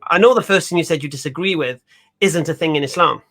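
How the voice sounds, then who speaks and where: Host, male, fairly high voice, rambling and chatty. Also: fast talker, fairly bright tone, a little hiss or hum. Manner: chatty, repeats himself, laughs often. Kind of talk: casual conversation.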